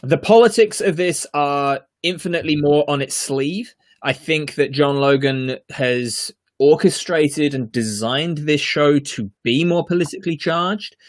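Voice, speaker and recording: A man's voice: a little high, a little slow, hardly any pauses. Earnest man reviewing a show. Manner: earnest, emphatic, many fillers and restarts. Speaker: podcast co-host reviewing a TV series. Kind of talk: casual review chat.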